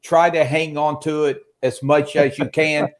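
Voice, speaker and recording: A man's voice: a little high, little pitch movement, a little slow. Upbeat man from Arkansas hosting. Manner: friendly, joking, asks long questions. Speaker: show host. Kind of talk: casual interview chat.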